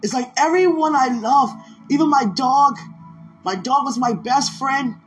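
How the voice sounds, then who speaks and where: High-voiced woman sharing a faith testimony. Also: measured pace, highs cut off, soft background music. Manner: emotional, pleading repetitions. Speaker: podcast host.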